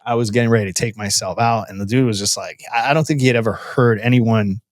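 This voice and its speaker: A man's voice: on the low side, fairly even intonation, fast, no echo, studio quality. A man as a podcast guest telling his personal testimony in an earnest, storytelling way, with frequent restarts and a casual "bro" to the host.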